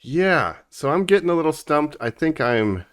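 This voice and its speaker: A man's voice: a little high, very animated, moderate pace. A man co-hosting a casual podcast, talking in an easygoing, agreeable way. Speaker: podcast co-host.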